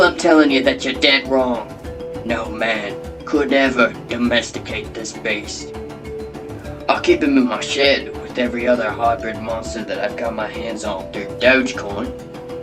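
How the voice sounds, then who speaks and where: A man's voice: medium pitch, close to an everyday voice. A man doing a brash Australian animal breeder. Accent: put-on Australian. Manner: boastful, blustery showman. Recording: background guitar music.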